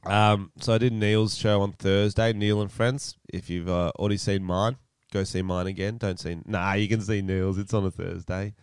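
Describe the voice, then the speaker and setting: A man's voice: on the low side, little pitch movement, moderate pace, hardly any pauses, clear, resonant tone, dry recording, studio quality. A young Australian man, a comedian co-hosting a podcast, chatting in a joking, rambling way. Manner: joking, rambling, does voices. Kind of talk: casual chat.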